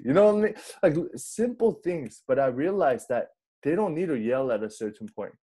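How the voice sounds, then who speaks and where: A young adult man preaching a casual, conversational sermon as a pastor, telling stories in a chatty, animated way and often asking "right?" and "you know?". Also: mid-range voice, a little fast, breathy edge.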